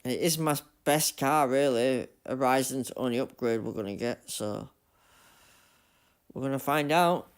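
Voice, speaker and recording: A man streaming a racing game live, muttering commentary to himself and breaking into loud self-mocking outbursts. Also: medium pitch, unhurried, smooth. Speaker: gaming streamer.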